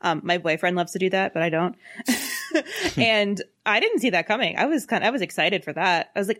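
A woman's voice: medium pitch, brisk. A woman co-hosting a podcast, chatting casually with blunt, swearing opinions. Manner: animated, blunt, swears freely. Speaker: podcast co-host.

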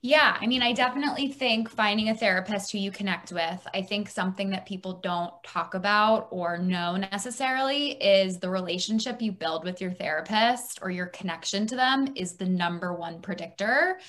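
A woman's voice: mid-range voice, moderate pace, hardly any pauses, a bit bright. A woman therapist speaking as a podcast guest, chatty and thinking aloud with many fillers. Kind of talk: casual interview chat.

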